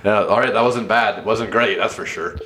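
A man's voice: on the low side, a little fast, noisy background. A man co-hosting a comedy podcast, bantering casually and swearing a lot. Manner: profane, animated. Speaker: podcast co-host. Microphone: cheap podcast mics.

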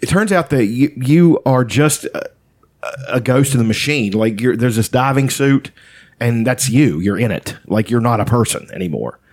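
A man's voice: mid-range voice, animated, normal speed, darkish tone. Man in casual talk; loose, profane, rambling delivery full of "like" and "you know.". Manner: rambling, profane storytelling with many fillers. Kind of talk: casual chat.

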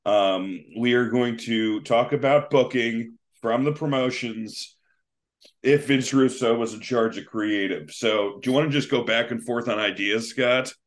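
A man's voice: medium pitch, a little slow. Rambling casual podcast man. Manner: rambling, filler-heavy, drops "bro" at ends of lines. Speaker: podcast co-host. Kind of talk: casual comedic chat.

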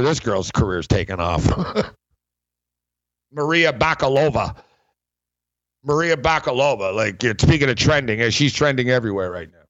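A man's voice: medium pitch, no echo. Podcast host guy rambling, lots of likes and ums, dull dry sound. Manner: rambling, filler-heavy, laughs often. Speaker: sports betting podcast host. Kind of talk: casual chat.

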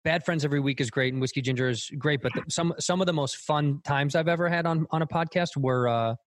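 Fast-talking male comedian guest. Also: fairly high pitch, dry recording, clean studio sound. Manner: fast, rambling, frank. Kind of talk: casual podcast chat.

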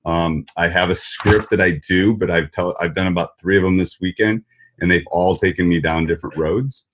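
A man's voice: deep voice, steady tone, normal speed, a bit bright. A man from Wisconsin with a Wisconsin accent, hosting a casual podcast interview and rambling with many restarts. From Wisconsin, US Midwest. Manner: rambling, restarts and repeats words. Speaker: podcast host. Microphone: desk mic.

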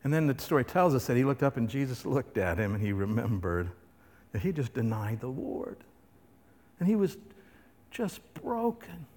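A man's voice: medium pitch, expressive, moderate pace, a little mellow. A man pastor delivering a sermon, emphatic and full of rhetorical questions to the congregation. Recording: reverberant hall.

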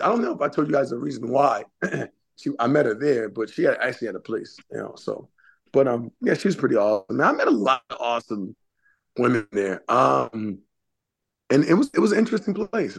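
A man's voice: mid-range voice, sing-song, fast, gravelly, slightly rough. A man co-hosting a podcast, telling a rambling, filler-heavy story in casual chat. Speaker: podcast host.

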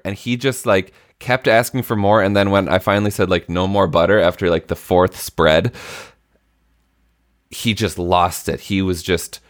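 A deep-voiced man in his thirties co-hosts a parenting podcast, telling a story in casual chat full of restarts and self-deprecating remarks. The studio-quality recording has no echo.

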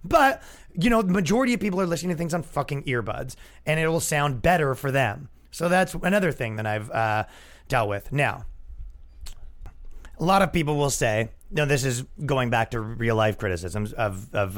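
A man who is a comedian and podcast host, ranting casually with lots of swearing and a yelling tone. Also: medium pitch. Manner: profane, animated, with a yelling tone.

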